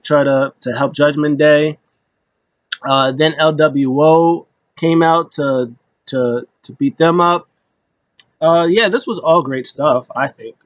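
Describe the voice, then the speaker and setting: A man's voice: on the high side, dry recording. A man hosting a casual solo wrestling recap, rambling with lots of fillers and slipping into quoted voices. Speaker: wrestling show recap host.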